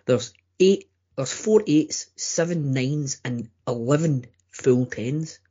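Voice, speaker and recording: A man's voice: mid-range voice, takes it slowly, warm tone, husky. A man co-hosting a casual podcast, stammering and restarting his sentences often. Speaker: podcast co-host. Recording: dull lo-fi audio.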